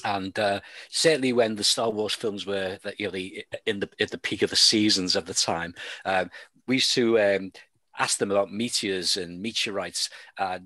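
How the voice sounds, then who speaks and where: A man's voice: on the low side, fairly even intonation, moderate pace, pushed and bright, no echo. A man with a Liverpool accent hosting a radio show, chatting with a guest over a video call and telling long stories full of fillers and restarts. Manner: rambling storyteller, many fillers and restarts. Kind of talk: casual chat with a guest.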